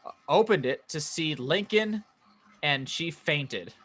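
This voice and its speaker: A man's voice: on the high side, lively intonation, slow, a bit bright, husky. A man co-hosting a comedy podcast, reading out facts and laughing easily. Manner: reads out facts, stumbles on names, laughs easily. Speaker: podcast co-host. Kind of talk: casual comedy podcast chat.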